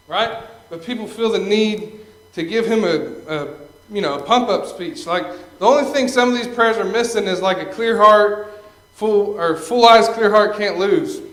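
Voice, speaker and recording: A young man doing Christian stand-up in a loose, chatty way, often chuckling at his own lines and slipping into quick character bits. His voice sits high for a man. The room around him is echoey. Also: fairly bright tone. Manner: conversational, chuckles at own jokes, acts out characters. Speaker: stand-up comedian.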